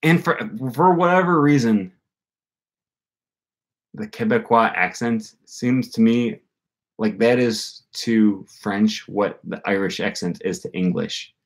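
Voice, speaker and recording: A man's voice: fairly low pitch, takes it slowly. A young man hosting a casual livestream, answering comments and thinking aloud with many fillers. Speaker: language-learning channel host.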